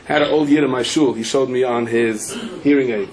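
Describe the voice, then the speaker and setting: This middle-aged rabbi's sermon is funny and rich in anecdotes, with Yiddish and Hebrew mixed in and high-pitched jumps when he quotes people. His tone is steady and his delivery fairly quick, and there is background noise.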